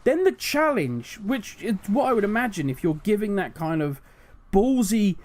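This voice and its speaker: A man's voice: sits high, sing-song, moderate pace. A man hosting a gaming channel, ranting animatedly with exasperated rhetorical questions. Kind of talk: casual commentary rant.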